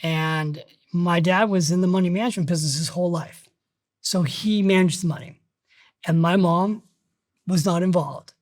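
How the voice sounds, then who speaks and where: A middle-aged man, a guest on a podcast interview, who talks about money in an emphatic, energetic way and tells stories as he goes. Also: high voice, moderate pace, dry recording, studio quality. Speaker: guest, financial author.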